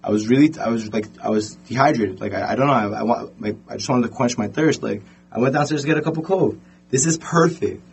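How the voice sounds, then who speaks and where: A man's voice: medium pitch, quick pace, breathy edge, soft background music. A man doing a scheming drunk husband. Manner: pleading, then smug.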